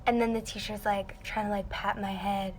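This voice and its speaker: A woman's voice: medium pitch, normal speed. A young woman telling a dramatic story to fans in a casual livestream, talking animatedly and saying "like" a lot. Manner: dramatic, animated, heavy use of "like". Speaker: singer answering fans on a livestream.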